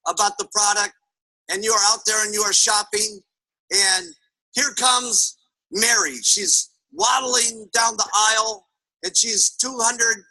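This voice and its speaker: A man's voice: sits high, expressive, slow, gravelly, sharp tone, rough recording. A man giving a motivational sales talk, telling emphatic stories and often checking in with his listeners. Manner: emphatic storytelling, keeps asking "okay?". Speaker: sales trainer.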